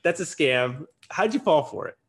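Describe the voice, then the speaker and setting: A man co-hosting a podcast, joking and reacting quickly in casual chat. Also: on the high side, lively intonation. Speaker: podcast co-host.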